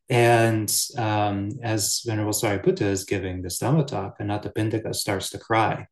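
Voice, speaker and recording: Low-voiced man giving a dharma talk. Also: moderate pace, hardly any pauses. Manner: relaxed, storytelling, with fillers. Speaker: Buddhist teacher. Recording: roomy echo.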